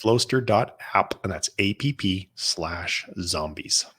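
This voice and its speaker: A man from Western Canada, guesting on a podcast with a fairly low voice. He sounds relaxed and matter-of-fact, walking through tech details plainly. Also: takes it slowly, breathy edge. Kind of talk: casual interview chat.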